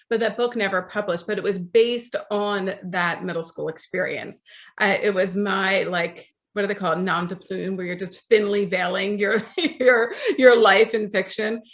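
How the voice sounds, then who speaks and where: A woman in her forties, an author being interviewed, telling stories in a chatty way and acting out the voices of people she quotes. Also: medium pitch. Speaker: author, podcast guest.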